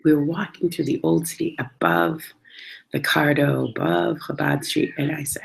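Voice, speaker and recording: A woman's voice: deep voice, fairly even intonation, moderate pace, creaky, poor audio. A woman telling travel stories in a chatty, casual way, acting out the voices she quotes. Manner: chatty, acts out quoted voices, laughs often. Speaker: travel storyteller. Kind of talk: casual storytelling.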